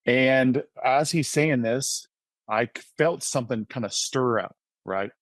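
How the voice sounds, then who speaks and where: Speaking a little slowly in a mid-range voice, captured on a dry recording, a podcast guest in his thirties recounts his personal faith testimony. He is an author who founded a mentoring ministry, and his tone is earnest and conversational, with frequent "right?" check-ins.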